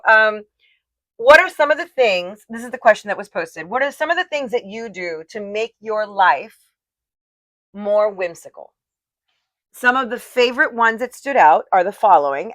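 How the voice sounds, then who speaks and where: A woman's voice: mid-range voice, fairly bright tone, no echo. A woman co-hosting a casual chat show, talking in a chatty, rambling way with restarts. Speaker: co-host.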